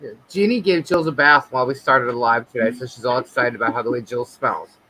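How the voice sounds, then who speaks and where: A woman's voice: extremely low pitch, fast talker, pushed and bright, rough recording. A woman co-hosting a casual live chat, telling stories and acting out her pets. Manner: chatty storyteller, acts out her pets. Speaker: co-host.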